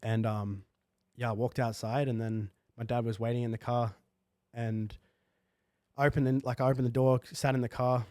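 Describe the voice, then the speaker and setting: A man's voice: medium pitch, flat delivery, normal speed, dark tone, no room sound, studio quality. A young man telling a personal story in a casual, slangy podcast chat full of fillers. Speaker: guest. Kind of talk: candid podcast conversation.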